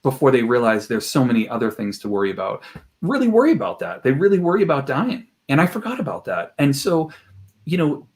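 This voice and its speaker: A man appearing as an expert guest on a podcast, telling stories in an animated way and slipping into quoted voices as he talks. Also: mid-range voice, quick pace. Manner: animated, jumps into quoted voices, laughs while talking. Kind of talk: podcast interview storytelling. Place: home room with collected objects.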